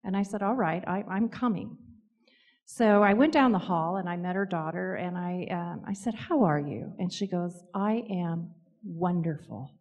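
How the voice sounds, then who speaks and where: A woman telling personal stories in a gentle, reflective way, with pauses. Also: on the low side, big-room sound, highs cut off. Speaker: co-author and speaker. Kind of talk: storytelling talk.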